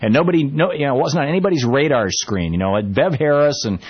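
A man's voice: mid-range voice, animated, fast talker, breathy edge. A man from Vermont hosting a call-in radio show, talking conversationally with frequent fillers and restarts. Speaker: radio talk show host. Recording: dull lo-fi radio broadcast.

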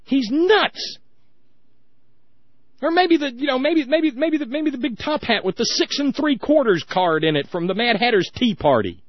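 A man hosting a political call-in radio show, ranting with sarcastic, mocking energy. His pitch swings widely and often jumps up high. The sound is dry and a little dull, like a radio broadcast. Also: animated, brisk, hardly any pauses, no room sound. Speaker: radio talk show host.

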